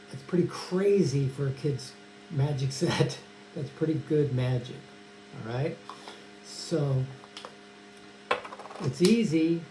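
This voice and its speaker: A man casually teaching a magic trick, chatting and addressing an imagined audience of kids. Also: mid-range voice. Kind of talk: casual tutorial demonstration. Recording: echoey room with mains hum.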